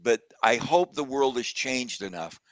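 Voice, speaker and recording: A man's voice: mid-range voice, animated, measured pace, no room sound. A man telling a personal story in a casual video-call conversation, reflective and at times emotional. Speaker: guest speaker.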